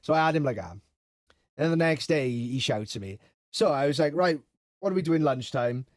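A man's voice: fairly high pitch, fairly quick, no room sound, clean studio sound. A man, telling crude school stories in a casual podcast chat, laughing and swearing as he goes. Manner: swearing, laughing, self-mocking anecdotes. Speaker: podcast co-host.

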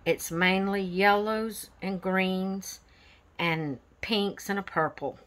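A woman's voice: medium pitch, fairly even intonation, takes it slowly, fairly bright tone. A woman hosting her own coloring channel, chatting casually and rambling with many fillers as she shows her finished pages. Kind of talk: casual show-and-tell vlog.

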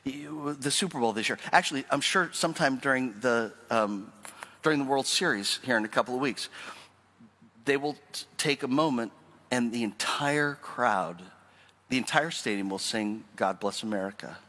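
A man preaching a sermon as pastor, emphatic and animated, asking his listeners questions. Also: mid-range voice, normal speed, long reverb tail. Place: church sanctuary.

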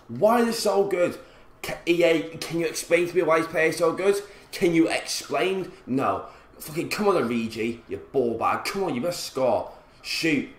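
A man commentating his own football video game play, frustrated and swearing, with sudden loud outbursts. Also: fairly high pitch, animated, normal speed. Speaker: gaming commentator. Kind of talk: gameplay commentary. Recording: roomy echo.

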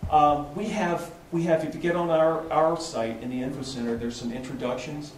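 A man's voice: on the high side, fairly even intonation, normal speed, a little hiss or hum. A man presenting at a tech meetup, explaining casually to a small group with frequent restarts and "right?" checks. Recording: echoey room, distant mic, faint ambience.

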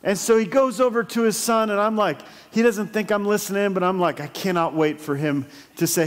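High-voiced pastor preaching in a reverberant hall. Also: male voice, fairly quick, few pauses. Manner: storytelling with sudden loud bursts and asides. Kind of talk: sermon. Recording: long church hall reverb.

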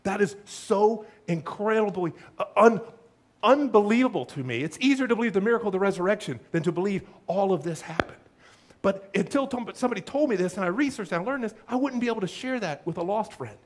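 Male pastor, high and very expressive voice, humorous preaching. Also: fast talker. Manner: animated, humorous preaching with acted-out asides. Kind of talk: sermon.

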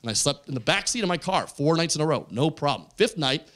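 A man doing a stand-up set on a club stage, telling a story with lively character voices. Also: fairly high pitch, quick pace. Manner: animated storytelling, acts out characters. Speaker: stand-up comedian. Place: comedy club stage with audience.

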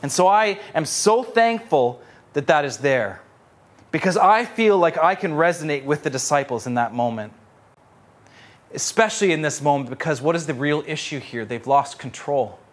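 A young adult male pastor preaching a sermon with animated storytelling, repeating phrases for emphasis. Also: on the high side, normal speed.

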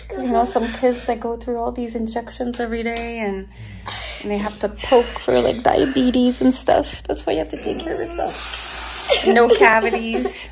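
A woman's voice: on the high side, rough recording. A woman, a mother, chatting and soothing her daughter in a doctor's office, laughing often. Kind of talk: casual chat, comforting a child.

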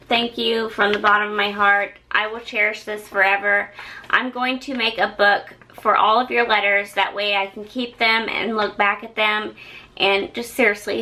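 A woman's voice: mid-range voice, sharp tone, a little hiss or hum, rough recording. A woman vlogger casually opening fan mail on camera, gushing and effusive over each gift. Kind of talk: casual haul vlog.

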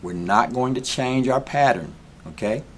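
A man's voice: medium pitch, unhurried, slight background noise. A man teaching a guitar strumming lesson, patiently calling out the strokes while he plays. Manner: patient, counts strums aloud over guitar.

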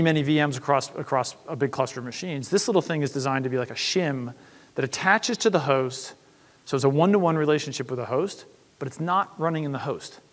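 A man giving a tech conference talk, explaining casually with frequent restarts and "you know" fillers. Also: on the high side. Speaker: conference speaker. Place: conference hall. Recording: reverberant hall.

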